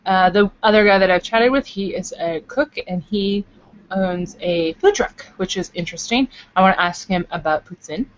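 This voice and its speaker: A woman's voice: mid-range voice, moderate pace, highs cut off. A woman from Canada chatting casually to camera in a video blog, rambling with fillers and playful asides. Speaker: vlogger. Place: at home in Los Angeles.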